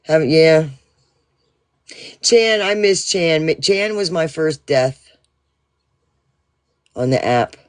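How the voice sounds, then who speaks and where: A man's voice: fairly high pitch, slow pace, pauses often, smooth. A man telling a rambling, profane story to his livestream audience in a casual way, full of fillers and restarts. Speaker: livestream host.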